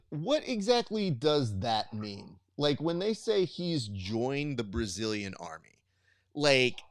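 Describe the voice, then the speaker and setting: A man's voice: medium pitch, no room sound, studio quality. Upbeat male podcast host. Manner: animated storyteller, acts out quoted exchanges. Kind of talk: casual podcast chat.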